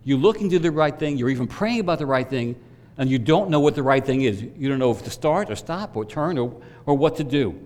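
A man's voice: medium pitch, lively intonation, brisk, a little mellow. A middle-aged man preaching a sermon as pastor, earnest, rising in emphasis when he puts questions to the congregation. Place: church sanctuary. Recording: long reverb from a church hall.

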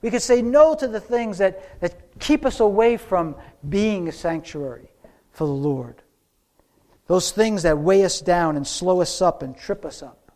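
A man preaching a sermon, telling a story with slow, dramatic pauses. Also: high-pitched, a little mellow.

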